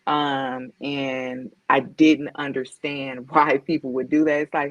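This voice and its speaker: A woman's voice: extremely low pitch, level tone, normal speed, hardly any pauses, dry recording. A woman guest talking candidly and reflectively on a podcast, speaking directly and acting out the voices she quotes. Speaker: guest author and motivational speaker. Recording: dull lo-fi dry sound.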